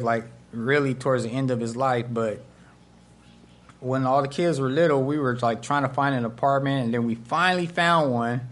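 A man preaching a sermon as pastor, telling stories and acting out the voices of the people in them. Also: mid-range voice. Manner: animated, acts out voices in his stories. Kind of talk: storytelling sermon.

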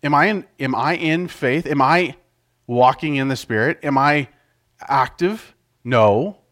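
Conversational male preacher, medium pitch. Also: measured pace. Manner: conversational, restarts often, acts out quotes loudly. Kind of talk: casual sermon.

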